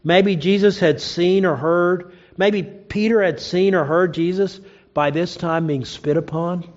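Retelling a story in a sermon, this preacher speaks a little slowly in a steady tone, lifting his pitch as he performs each quoted line. The audio has a lo-fi quality.

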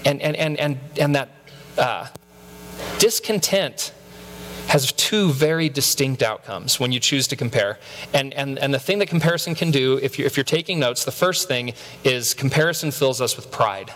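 A man's voice: medium pitch, moderate pace, a bit bright, slight background noise. A man in his thirties preaching a sermon, telling stories with self-mocking humor and stammered repeats. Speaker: pastor. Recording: long reverb of a large hall.

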